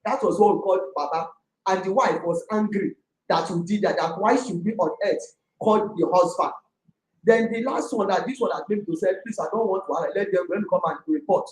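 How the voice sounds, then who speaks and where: A middle-aged woman with a Nigerian accent, a landlady complaining about a tenant in an emphatic, excitable way. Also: mid-range voice, a little fast. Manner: emphatic, excitable, talks forcefully. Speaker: landlady in a dispute. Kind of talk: heated complaint. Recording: echoey room.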